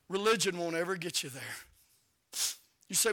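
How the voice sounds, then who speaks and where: Fervent preacher man, high and bright. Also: normal speed, pauses often. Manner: fervent storytelling, rising to shouts. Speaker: evangelist preacher. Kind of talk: sermon.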